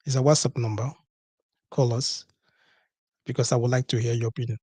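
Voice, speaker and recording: Male call-in host, husky, dry close mic, emphatic and rhetorical. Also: mid-range voice, level tone, brisk, warm tone, no echo. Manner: emphatic, repeats key words, asks rhetorical questions. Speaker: podcast host. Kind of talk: call-in show monologue.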